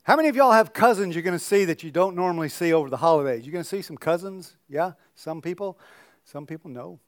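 A man's voice: on the high side, animated, fast talker, dry recording, clean studio sound. Older man preaching a chatty sermon. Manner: conversational storytelling with joking asides. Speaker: pastor.

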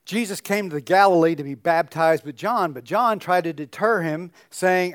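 A man's voice: high-pitched, normal speed, hardly any pauses, smooth, no echo, studio quality. An older man, a pastor, giving a sermon in a conversational storytelling way with joking asides.

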